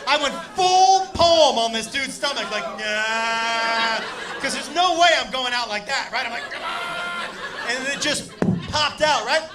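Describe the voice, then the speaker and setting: A man telling a wild story in a stand-up set, animated and shouting punchlines while voicing the people in it. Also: very high-pitched, moderate pace. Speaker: stand-up comedian. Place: comedy club stage before a laughing audience. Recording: live club recording with crowd noise.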